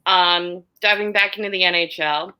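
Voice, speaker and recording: A woman's voice: on the low side, steady tone, normal speed, bright, forceful tone, clean tone. A woman co-hosting a hockey podcast in casual, chatty talk, trailing off with ums as she runs through the news. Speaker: podcast co-host. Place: hotel room.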